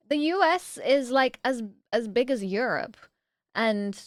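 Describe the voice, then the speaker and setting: A woman streaming casually, reading viewer messages aloud and answering them with bursts of excitement. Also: a little high, no room sound, clean studio sound.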